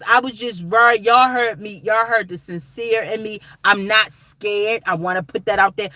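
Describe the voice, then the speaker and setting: A woman's voice: a little high, pushed and bright, dry recording. A woman vlogger talking straight to her viewers in casual commentary, emphatic and rambling, calling them guys and y'all. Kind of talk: casual direct-to-camera commentary.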